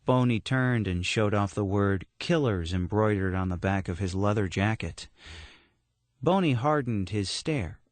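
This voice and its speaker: Slow, low-voiced male audiobook narrator. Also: no room sound. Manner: steady, measured storytelling. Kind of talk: scripted horror audiobook narration.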